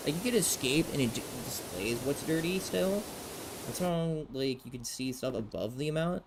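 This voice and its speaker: A young man streaming a game, muttering to himself, swearing casually and jumping into squeaky outbursts. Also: normal speed. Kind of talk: casual gameplay commentary. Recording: steady background hiss.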